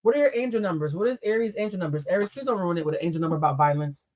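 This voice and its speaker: A woman's voice: fairly low pitch, lively intonation, racing, darkish tone. A young adult woman hosting a live tarot reading, answering chat questions in a blunt, profane and playful way. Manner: blunt, profane and playful, addressing viewers as y'all. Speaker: tarot reader and live stream host.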